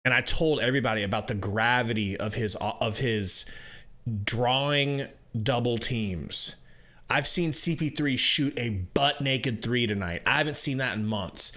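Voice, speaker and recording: A young man co-hosting a podcast, reacting live to a basketball game with excitable, profane play-by-play. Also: mid-range voice. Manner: excitable, swears freely, fast play-by-play calls. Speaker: podcast co-host.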